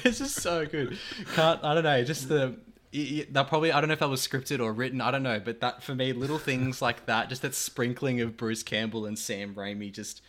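A man co-hosting a podcast, talking excitedly about a film and laughing often. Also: medium pitch, brisk. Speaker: podcast co-host. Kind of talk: casual movie chat.

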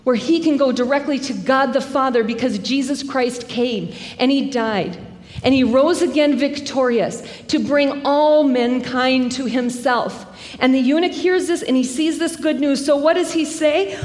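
A woman preaching a sermon, telling the story in a lively, conversational way with self-deprecating asides. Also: high-pitched, normal speed. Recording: long hall reverb.

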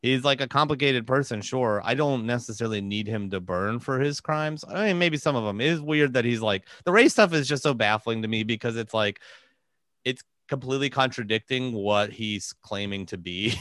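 A man's voice: medium pitch, moderate pace, fairly bright tone, dry recording. A man co-hosting a comedy podcast in loose, casual chat. He laughs often and mocks people with silly voices. The sound is close and dry, with no room around it. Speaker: podcast co-host.

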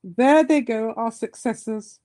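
A pompous, old-fashioned aristocrat past his prime, read by a woman in a dramatic reading of a novel. He speaks in a haughty, indignant manner. The voice is warm and mellow and sits rather high. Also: unhurried, close to an everyday voice.

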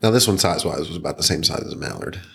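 A man guesting on a podcast, dropping in short, animated remarks in casual chat. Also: rumbling low, racing, vocal fry, slightly rough. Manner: brief, animated interjections.

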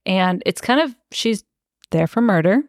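A young woman casually retells a novel's plot for a podcast, swearing now and then. Her voice sits at an everyday middle pitch, recorded close and dry. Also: lively intonation, a little slow, dry recording. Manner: casual, swears freely, recaps the story. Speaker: podcast co-host.

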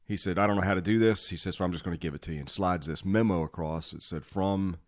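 Deep-voiced man telling stories. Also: quick pace, few pauses. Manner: animated, acts out quotes, laughs often. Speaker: podcast host, former fire officer. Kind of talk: casual storytelling chat.

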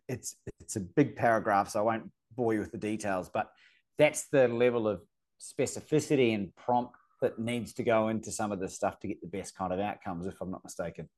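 A man's voice: lowish voice, darkish tone. Chatty New man on a call. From New Zealand. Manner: chatty, stumbles and restarts often. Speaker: host. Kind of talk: casual video-call conversation. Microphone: video call.

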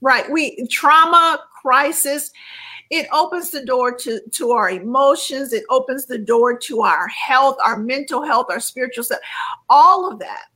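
Slow, bright-voiced woman giving testimony. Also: sits high, rough recording. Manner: earnest, measured, repeats words while searching. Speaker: interview guest. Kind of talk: personal faith testimony.

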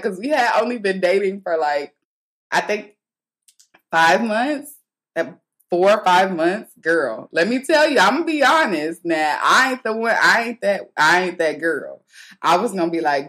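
Young adult woman, podcast host, slightly low voice, chatty and candid with slangy asides. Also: fairly bright tone. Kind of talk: casual storytelling monologue.

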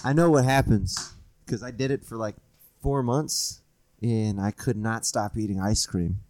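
A man's voice: fairly low pitch, steady tone, measured pace, darkish tone. Easygoing young man joking on a podcast. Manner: laid-back, jokey, laughs at himself. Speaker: podcast co-host. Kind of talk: casual comedic chat.

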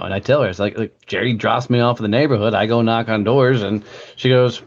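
A man's voice: medium pitch, fast, dull audio. A man guest telling a blunt, profane story in a casual interview. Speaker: guest, entrepreneur.

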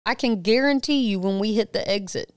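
A middle-aged woman on a podcast tells a story in a smooth, clear voice, recorded close and dry. She acts out the people she quotes with a jump up in pitch. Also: fairly quick, dry recording. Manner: animated retelling, quoting others with rising pitch. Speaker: podcast co-host. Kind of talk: casual storytelling chat.

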